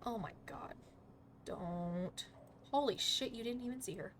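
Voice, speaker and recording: Woman gamer, live commentary, unhurried delivery, faint noise behind, prone to cursing. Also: a little high. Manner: chatty, swears often, talks to chat; excitable reactions, sudden outbursts. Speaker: live streamer.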